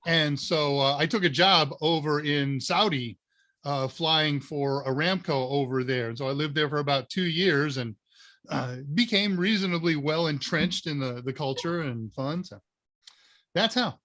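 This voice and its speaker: A man from Northern Ohio hosts a live question-and-answer stream with a bright, forceful voice that sits a little high. He chats casually and wanders off into anecdotes, padding his sentences with fillers. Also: a little slow. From Northern Ohio, USA. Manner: rambling anecdotal storyteller with many fillers. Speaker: live Q&A show host.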